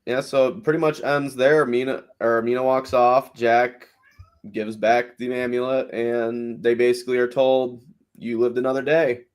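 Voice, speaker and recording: A man's voice: mid-range voice, flat delivery, moderate pace. A man hosting a podcast, chatting casually about a reality show with fillers and frequent laughs. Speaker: podcast host. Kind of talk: casual recap chat.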